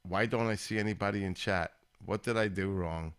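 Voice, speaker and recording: A man's voice: low-pitched, fairly quick, fairly bright tone, smooth. A man hosting his own live stream, chatting casually and rambling as he talks straight to viewers in chat.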